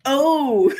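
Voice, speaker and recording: A woman co-hosting a live show, chatting casually and teasing the others with quick jokes. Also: high voice, darkish tone. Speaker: co-host.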